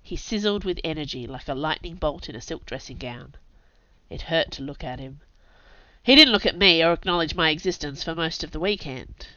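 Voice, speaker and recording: Woman reading a first-person novel, wry and sardonic, bright voice, lots of pitch movement, dry slightly dull audio. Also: expressive, normal speed, no room sound. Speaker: audiobook narrator.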